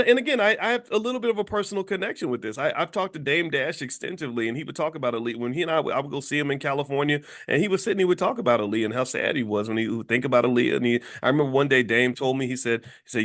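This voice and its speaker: A man's voice: on the high side, a bit bright. A middle-aged man from Kentucky giving a blunt, lecturing casual monologue as a commentator host. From Louisville, Kentucky.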